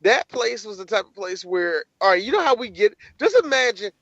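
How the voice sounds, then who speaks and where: High, gravelly man riffing profanely. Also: sing-song, fairly quick, pushed and bright, no echo, highs cut off. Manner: rowdy, profane riffing with acted-out bits. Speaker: podcast co-host. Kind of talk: casual podcast banter.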